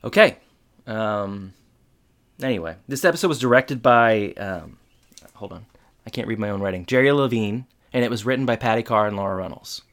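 A man's voice: fairly low pitch, lively intonation, normal speed, a bit bright. A man co-hosting a podcast in casual chat, recapping a TV episode with joking, teasing asides. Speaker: podcast co-host.

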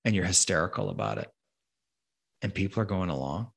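Man, low husky voice, angry profane rant, emphatic. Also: animated, brisk, a bit bright. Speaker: podcast host. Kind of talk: heated ranting conversation.

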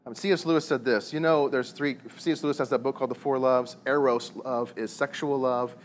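A man in his thirties preaching a sermon on marriage, animated and full of rhetorical questions and repeated words. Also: mid-range voice, brisk, slight background noise. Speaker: pastor.

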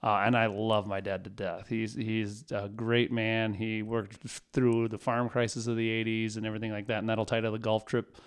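Man, forties, smooth resonant voice, casual storytelling, rambling, self-mocking. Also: lowish voice, little pitch movement, moderate pace, few pauses. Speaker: podcast guest.

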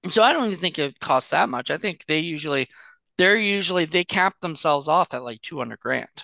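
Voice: mid-range voice, expressive, brisk, vocal fry, sharp tone, no echo. A podcast co-host chatting casually about a movie, rambling with many fillers and restarts. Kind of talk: casual movie-review chat.

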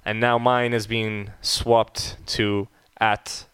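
A man's voice: lowish voice, flat delivery, takes it slowly, fairly bright tone, smooth, dry recording, clean studio sound. A man with an American-sounding accent co-hosting a podcast, chatty, joking and prone to sidetracks. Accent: American-sounding English. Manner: digressive, joking. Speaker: podcast co-host. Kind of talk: casual podcast chat.

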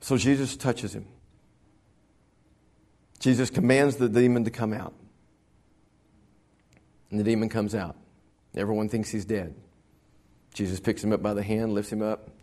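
A man's voice: lowish voice, fairly even intonation, unhurried, long pauses, darkish tone. A middle-aged man from the Texas Panhandle, a pastor preaching a sermon in a folksy storytelling way, now and then acting out other people's voices.

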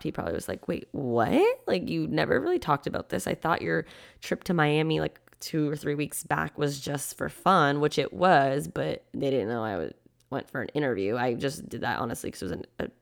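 On her podcast, a young female host tells a personal story openly and with animation, sprinkling in quoted asides and lots of "like." Her voice sits low and sounds creaky.

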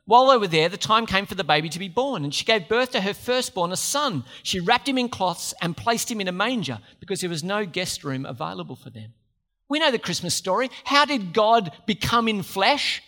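Aussie preacher guy, high bright voice, jokey and chatty with the crowd. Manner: lively, conversational, joking asides to the congregation. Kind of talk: sermon.

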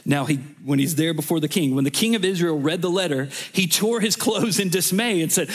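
A man's voice: a little high, a little fast, hardly any pauses, slightly rough. A man preaching a sermon as a guest speaker, in a casual, chatty way with offhand asides. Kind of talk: conversational sermon.

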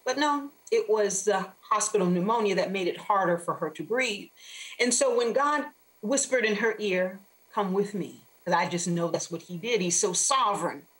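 A woman author, a guest on an interview show, telling a faith-filled personal story in an animated, expressive way. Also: mid-range voice, normal speed, low-quality recording.

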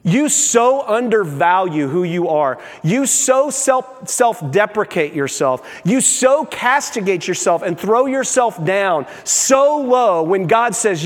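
A male pastor preaching a sermon, animated and acting out the voices he quotes. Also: high-pitched, takes it slowly, few pauses. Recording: long reverb of a large hall.

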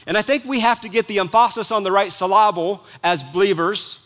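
High, bright-voiced preaching man. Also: a little fast, faint music behind. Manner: earnest preaching, swings between soft hushed lines and rising emphatic ones. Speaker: pastor. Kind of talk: sermon.

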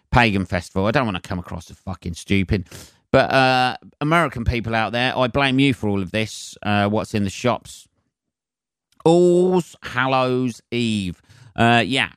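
A man's voice: on the low side, no room sound, studio quality. Sweary sarcastic man ranting solo. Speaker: podcast host. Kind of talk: solo comedic rant.

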